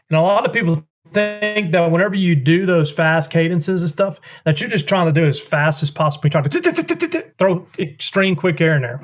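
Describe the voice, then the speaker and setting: A man, explaining duck calling in a drawling, folksy way. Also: on the high side. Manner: drawling, folksy, mimics duck sounds with his voice. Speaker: duck call maker demonstrating calls. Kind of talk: instructional explanation.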